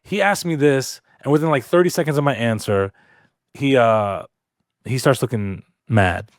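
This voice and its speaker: A man's voice: medium pitch, moderate pace, dry recording. Man telling a story on a podcast, dry sound. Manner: animated, lots of "like" fillers. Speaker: podcast co-host. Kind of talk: casual storytelling. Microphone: podcast studio mic.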